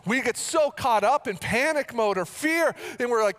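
A male pastor preaching a sermon in an earnest way, repeating phrases as he goes and rising into animated storytelling. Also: very high-pitched, moderate pace, few pauses.

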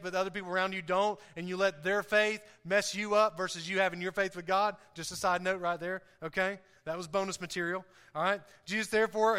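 A man's voice: sits high, sharp tone, clean tone. A man preaching a sermon as pastor, emphatic and calling out questions for the congregation to answer. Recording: long hall reverb.

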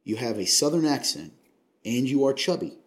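A man's voice: mid-range voice, normal speed. A man from Kentucky hosting a casual chat, earnest and confiding, rambling with many restarts.

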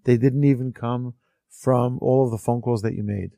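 A male religious teacher tells a parable, then explains it to his class in an earnest, rambling way. His voice sits at a middle pitch. The sound is dry and close. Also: fairly even intonation, normal speed, creaky, warm tone, no room sound. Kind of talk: storytelling lesson.

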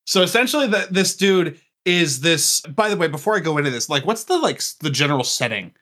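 A man pitching his character as a player, in casual, rambling talk full of "like". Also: lively intonation, brisk, bright, forceful tone. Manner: rambling, many fillers like "like". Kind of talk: casual podcast chat.

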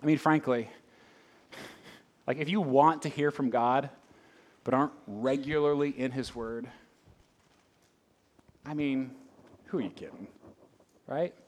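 A man's voice: mid-range voice, a little mellow. A middle-aged man preaching a sermon in a conversational way, full of asides and rhetorical questions. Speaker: pastor.

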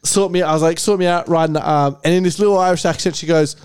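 A man's voice: a little high, fairly even intonation, quick pace, clean tone, dry recording, clean studio sound. A man co-hosting a podcast, telling a rambling, sweary story in casual chat. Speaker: podcast co-host.

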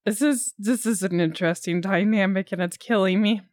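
A woman's voice: medium pitch, brisk, no room sound. Casting: teasing, wry woman player, close dry mic. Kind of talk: tabletop game play.

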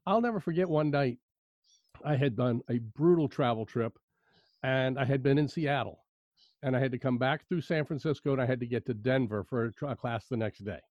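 A man in conversation, telling an animated personal anecdote about work attitude, often repeating key phrases. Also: medium pitch, brisk, no echo. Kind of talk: conversational storytelling. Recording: dry, muffled lo-fi sound.

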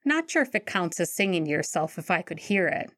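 A woman's voice: lowish voice, very animated, brisk, fairly bright tone, no echo. A woman reading a wry, bookish teenage wizard boy. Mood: dry. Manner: dry, teasing.

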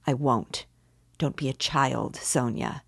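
A woman's voice: very deep voice, slow, gravelly, slightly rough, dry recording, full character voice. A woman reading aloud, voicing a bitter, proud young man who talks gloomily and defiantly. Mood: brooding defiant.

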